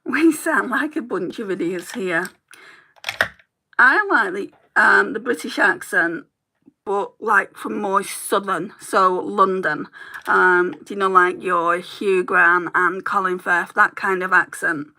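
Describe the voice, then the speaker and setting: Chatty woman with a gravelly, bright voice. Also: medium pitch, slow, low-quality recording. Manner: chatty and rambling, laughs easily. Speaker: beauty YouTuber. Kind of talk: casual chat while doing makeup.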